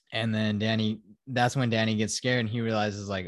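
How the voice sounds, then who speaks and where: A man's voice: fairly low pitch, fairly even intonation, moderate pace, dry recording, clean studio sound. A young man hosting a casual podcast, animatedly retelling a film scene by scene with lots of swearing and acted-out quotes. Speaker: podcast host. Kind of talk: casual film-review chat.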